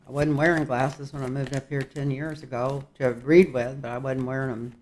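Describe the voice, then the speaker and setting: A man's voice: mid-range voice, level tone, normal speed, a little mellow. An older man giving a casual tarot reading, talking in a rambling, folksy way with chuckling asides. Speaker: tarot reader.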